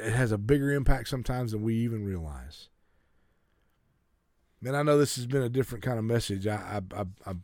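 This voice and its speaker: A man's voice: mid-range voice, a little mellow, no room sound, studio quality. A man preaching a sermon to a congregation, urging them earnestly and often stumbling and restarting his sentences. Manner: earnest exhortation with stammered restarts.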